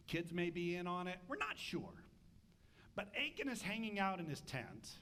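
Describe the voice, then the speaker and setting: A man preaching a sermon as pastor, animated and humorous, acting out voices. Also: high-pitched, normal speed.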